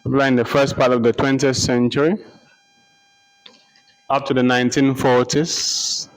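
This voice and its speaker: A man giving a lecture, slowly repeating names and spelling them out letter by letter for note-taking. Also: medium pitch, level tone, low-quality recording. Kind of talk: slow dictation-style lecture.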